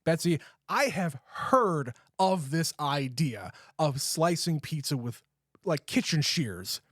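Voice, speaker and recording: A young man co-hosts a casual movie podcast, easygoing as he walks through scenes in detail. His voice sits fairly high for a man. The recording is dry and close. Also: animated, takes it slowly, a bit bright, dry recording. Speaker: podcast co-host. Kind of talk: casual movie review chat.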